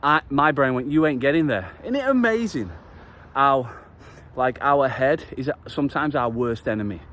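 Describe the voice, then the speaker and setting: A man's voice: medium pitch, lively intonation, moderate pace, a bit bright. A man talking straight after a workout, delivering an earnest motivational vlog message with passion and the odd swear word. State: just finished a workout. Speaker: vlogger.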